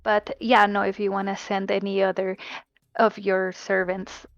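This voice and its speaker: A woman player speaking in character during a tabletop role-play game, in a playful, drawn-out way. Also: mid-range voice, level tone, no room sound, muffled recording.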